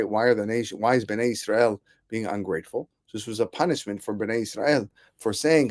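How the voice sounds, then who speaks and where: A rabbi teaching a weekly Torah class, telling midrash stories in a lively way and acting out the people he quotes. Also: mid-range voice. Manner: animated storyteller, acts out quoted voices.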